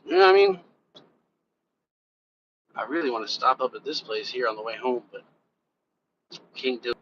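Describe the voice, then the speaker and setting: A man's voice: mid-range voice, moderate pace. A man hosting a casual live stream, talking loosely and directly to his viewers, cursing offhand as he rambles. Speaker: reaction channel host and rapper. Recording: dull lo-fi sound with faint background noise.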